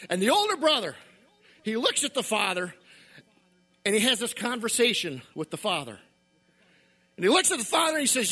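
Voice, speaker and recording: Storytelling preacher, raspy and bright, animated delivery. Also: male voice, extremely high pitch, normal speed, pauses often, soft background music. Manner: folksy, dramatic storytelling. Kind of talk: storytelling sermon.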